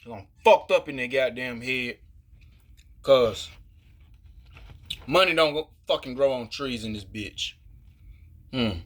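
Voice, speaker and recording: A man talking to camera in a casual, profane rant, frustrated and rambling, filling every pause with "you know" and restarting his sentences. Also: mid-range voice, animated, fairly bright tone. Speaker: vlogger. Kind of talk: casual ranting monologue.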